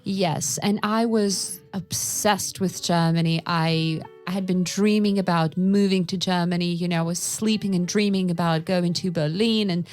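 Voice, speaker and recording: A woman from Russia, co-hosting a casual podcast chat and telling lively anecdotes with quoted dialogue. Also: fairly low pitch, normal speed, few pauses, soft background music. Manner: animated storyteller who acts out quoted dialogue. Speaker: podcast co-host, English teacher.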